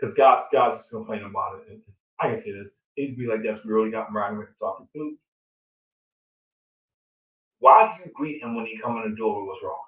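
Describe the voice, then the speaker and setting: Animated man, roomy off-mic sound. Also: on the low side, normal speed, pauses often, distant mic, lo-fi sound. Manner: animated, repetitive, rhetorical questions. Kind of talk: casual conversation.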